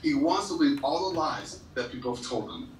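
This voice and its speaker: There's slight background noise in this echoey, far-off recording from a large school hall or gym. A motivational speaker with a medium-pitched, expressive voice talks briskly, telling students heartfelt stories. In emotional moments he stumbles and says things twice.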